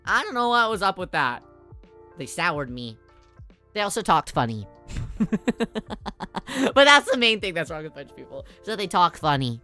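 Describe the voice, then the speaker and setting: A woman's voice: fairly low pitch, big pitch swings, moderate pace, long pauses, bright, forceful tone, soft background music. A woman streamer chatting casually and rambling, laughing often between thoughts. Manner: rambling, giggly, mock voices. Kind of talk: casual live-stream chat.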